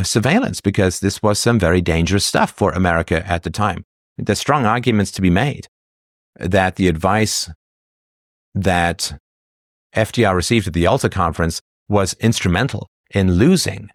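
Low-voiced male commentator, dry close sound, lecturing with rhetorical questions. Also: dry recording. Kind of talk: solo political monologue.

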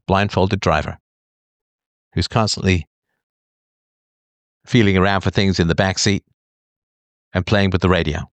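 A man's voice: deep voice, dry recording. A middle-aged man hosting a podcast, speaking bluntly and emphatically, sometimes mimicking whiny people. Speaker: podcast host. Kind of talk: monologue to listeners.

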